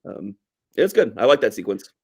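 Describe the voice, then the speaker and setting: A man's voice: medium pitch, sing-song, moderate pace, darkish tone, slightly rough. Man, podcast co-host, casual movie chat, rambling, filler words. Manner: chatty, lots of fillers, quotes lines from the movie.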